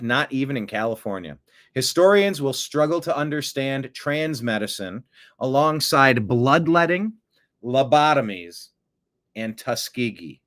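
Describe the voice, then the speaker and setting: A man's voice: mid-range voice, a bit bright. A middle-aged man hosting an online political commentary show, blunt and sarcastic with rambling asides.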